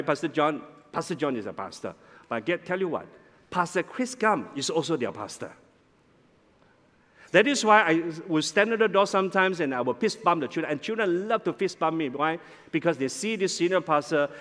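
Brief: male senior pastor, lively sermon delivery, higher-pitched voice, long hall reverb. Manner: animated, repeats words, tag questions like "all right?".

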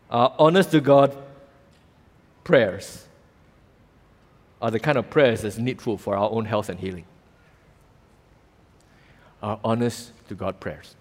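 A man's voice: on the low side, slow pace, long pauses, a little mellow. A man preaching a sermon, telling the story animatedly with casual fillers and acting out voices. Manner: casual local fillers like "lah" and "ah". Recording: reverberant hall.

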